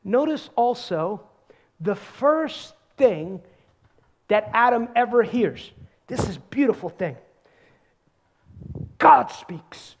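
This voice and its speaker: A man preaching a sermon, emphatic, repeating words for stress and swinging between loud bursts and hushed asides. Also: high voice, expressive, slow.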